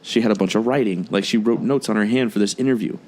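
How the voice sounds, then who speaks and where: A man's voice: fairly low pitch, fast, darkish tone. A man co-hosting a podcast in casual chat, blunt and exasperated, swearing often. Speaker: podcast co-host.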